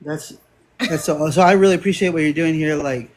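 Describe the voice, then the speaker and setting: This man has a slightly raised voice and tells his stories with animation, filling them with "like" and casual slang. He sounds like a guest in a relaxed spiritual chat. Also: a little high, brisk. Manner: animated storytelling with lots of "like" and laughs.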